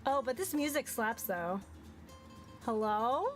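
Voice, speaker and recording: Excitable woman streaming a visual novel. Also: fairly high pitch, takes it slowly, faint music behind. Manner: playful, excitable asides. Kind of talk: reading a visual novel live with commentary.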